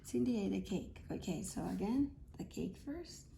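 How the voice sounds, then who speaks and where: A woman's voice: medium pitch, lively intonation, moderate pace, gravelly, warm tone, slight background noise. A woman teaching English grammar, explaining patiently, repeating key points and checking in with her students. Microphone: self-filmed camera.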